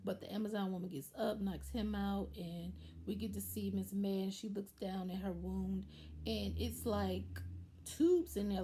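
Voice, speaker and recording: Animated woman recapping, warm mellow voice. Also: mid-range voice, a little hiss or hum. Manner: animated retelling, acts out lines of the characters. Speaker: vlogger reviewing a TV episode. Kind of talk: casual chat recap.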